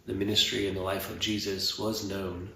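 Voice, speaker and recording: Man, pastor, gravelly low voice, earnest sermon, roomy church, distant mic. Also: flat delivery, noisy background. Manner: earnest, measured, with fillers and pauses. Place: church sanctuary.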